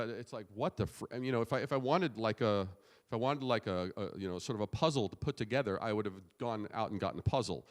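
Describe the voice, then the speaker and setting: A man's voice: lowish voice, quick pace. A man giving a conference keynote, punchy and emphatic, with casual swearing. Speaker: keynote speaker. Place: conference hall. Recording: long hall reverb.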